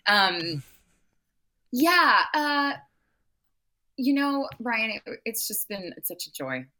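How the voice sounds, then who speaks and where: An actress speaking in a casual interview, talking at length in a rambling way with frequent restarts. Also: female voice, a little high, big pitch swings, slow pace, bright, forceful tone. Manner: long-winded, rambling with restarts.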